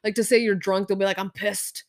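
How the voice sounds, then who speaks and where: A young woman chatting casually, animated, swearing freely and laughing often. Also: mid-range voice, racing. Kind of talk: casual chat.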